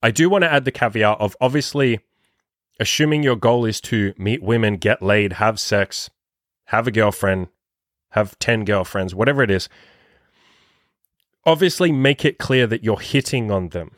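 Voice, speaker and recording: A man giving dating advice as a podcast host, talking casually and swearing a lot, acting out quoted lines in a higher voice. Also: moderate pace, pauses often, dry recording, clean studio sound. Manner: profane, animated, acts out his own quotes in a higher voice. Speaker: dating coach.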